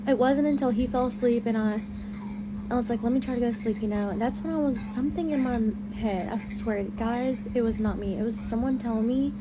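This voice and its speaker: A young woman with a lilt tells her story to viewers in a loose, chatty way, with lots of "like" and restarts. Her voice sits a little high and sounds tired. Steady hiss runs under the recording. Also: a little fast. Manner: chatty and candid, many fillers and restarts. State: hospitalized, pregnant, tired. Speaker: streamer. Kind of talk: casual live-stream storytelling to viewers.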